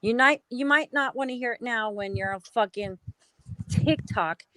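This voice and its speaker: A woman's voice: fairly high pitch, moderate pace, fairly bright tone, no echo, low-quality recording. A woman from the United States, a guest in a heated casual talk, ranting angrily and swearing constantly. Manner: angry, profane ranting.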